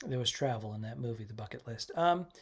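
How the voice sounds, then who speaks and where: Easygoing man with halting ums. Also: mid-range voice, lively intonation, husky. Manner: easygoing, hesitant, many ums. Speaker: touring comedian, podcast co-host. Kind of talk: casual podcast chat.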